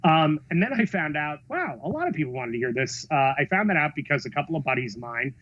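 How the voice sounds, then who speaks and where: A man with a slightly husky, fairly high voice tells stories in a podcast interview, swinging his pitch widely as he acts out what others said. He swears freely and sounds expressive. The audio is dull and lo-fi, like a remote call. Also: fast talker. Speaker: film director and writer, interview guest. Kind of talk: animated storytelling in a podcast interview.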